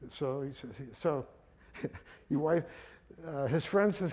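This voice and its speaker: An older man from Kazakhstan, an author telling his family's story and reading from his book in an animated way. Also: medium pitch, unhurried. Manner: animated storyteller, thinks aloud with restarts.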